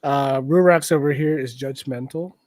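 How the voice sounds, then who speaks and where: A man co-hosts a casual podcast while drawing, joking with and teasing his friends and trailing off into mumbled asides. His mid-range voice moves at a normal speed, with crowd noise in the background.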